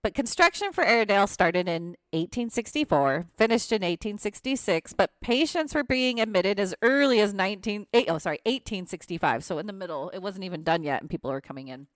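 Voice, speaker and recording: A woman's voice: mid-range voice, fairly quick, hardly any pauses, dry recording. A woman co-hosting a casual podcast, telling ghost history from her notes with frequent laughs and asides. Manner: animated storyteller, laughs often, asides.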